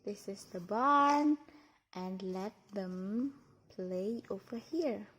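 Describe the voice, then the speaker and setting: Slow, sing-song Indonesian woman teacher. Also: medium pitch, animated, a bit bright, a little hiss or hum. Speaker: preschool teacher. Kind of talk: toddler lesson. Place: classroom, indoors.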